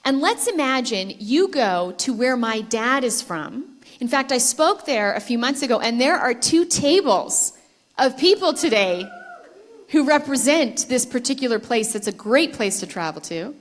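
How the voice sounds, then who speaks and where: A woman with a bright, high voice speaks to a conference audience. She tells a story to make her point and asks the listeners questions as she goes. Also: expressive, normal speed. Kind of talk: persuasive talk with storytelling. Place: conference hall with live audience.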